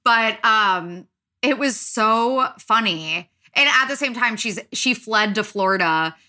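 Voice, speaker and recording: A woman's voice: on the high side, lively intonation, slow pace, pushed and bright. A young woman hosting a podcast, chatting and gossiping casually with lots of fillers. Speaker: podcast host. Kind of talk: casual chat.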